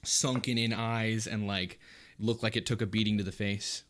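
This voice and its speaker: A man running a tabletop game as game master, describing scenes in a relaxed, loose way with many pauses. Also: fairly low pitch.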